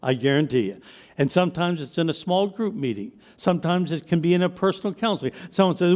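A man's voice: on the high side, quick pace, darkish tone, long reverb tail. A man preaching a sermon as pastor, emphatic, with his voice rising and dropping to stress his points.

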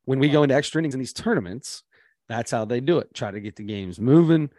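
A man co-hosting a podcast, telling stories in a casual, animated chat. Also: medium pitch, no echo, clean studio sound. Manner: storytelling, animated, quick asides. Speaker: podcast co-host.

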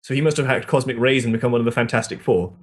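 A man co-hosting a casual podcast chat, playful and jokey, quick to laugh, talking from a small closed-up room at home. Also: mid-range voice, fairly even intonation. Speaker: podcast co-host.

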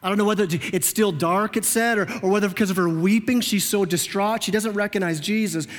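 High-voiced pastor preaching in a reverberant church. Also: male voice, a little fast. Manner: animated, conversational, repeats words as he restarts. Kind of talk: sermon. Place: church sanctuary.

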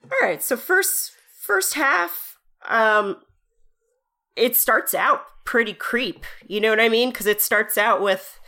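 Easygoing woman co-host, chatty movie talk, quick to laugh. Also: fairly high pitch. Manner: relaxed, chatty, laughs a lot. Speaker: podcast co-host. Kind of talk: casual movie review chat.

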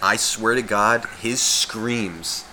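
A man in his thirties spins an animated, swear-heavy story on a casual podcast, slipping into other people's voices. His voice is bright and forward, with a light hiss of background noise. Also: on the low side, drawn-out words. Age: 30s. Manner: animated, profane, acts out quoted voices. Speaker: podcast co-host.

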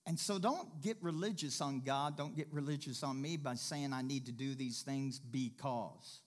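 A man preaching to his congregation in a mid-pitched voice. He talks in a folksy, easygoing way, repeats his key points and climbs into loud, emphatic bursts. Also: moderate pace. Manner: folksy, jokes with the congregation and laughs. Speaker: pastor. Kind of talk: sermon.

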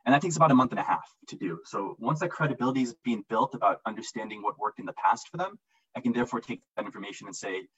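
A man answering interview questions in an easy, conversational way, his voice husky and slightly low. He gets enthusiastic and repeats words as he talks. The audio is dull and lo-fi, like a remote call. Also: quick pace, fairly bright tone. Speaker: interview guest, marketing analyst.

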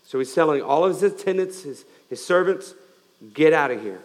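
A male pastor giving a sermon, swinging between loud emphatic lines and quiet, slowed-down ones. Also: a little high, big-room sound.

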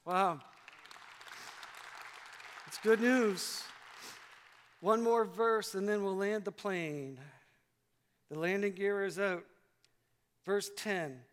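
A man's voice: high voice, takes it slowly, pauses often, a faint crowd. A man preaching a sermon as pastor, with an emphatic, repetitive cadence. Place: church sanctuary. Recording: long hall reverb.

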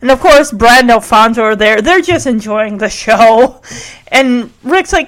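High-voiced chatty woman recapping a show. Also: expressive, measured pace, a bit bright, poor audio. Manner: chatty, gushing, full of fillers. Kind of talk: casual recap chat.

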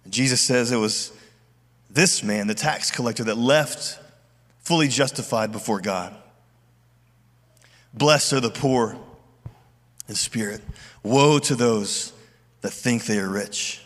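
A man's voice: medium pitch, slow, long pauses. A middle-aged man preaching a sermon as a pastor, earnest and conversational, often restarting his phrases. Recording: long hall reverb.

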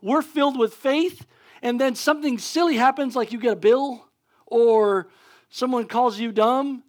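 A man preaching a sermon as pastor, casual and conversational, acting out scenes with animated energy. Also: very high-pitched, measured pace.

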